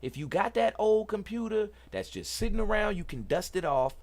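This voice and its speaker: A middle-aged man hosts a casual livestream tech talk. He is excited and preachy, repeats himself and talks to the chat. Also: sits high, normal speed. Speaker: host.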